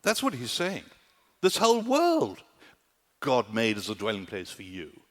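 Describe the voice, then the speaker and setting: Animated male preacher in a reverberant hall. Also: medium pitch, a little slow. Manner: animated, rhetorical, keeps asking "do you see?". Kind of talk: sermon. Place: large conference hall at a summer camp.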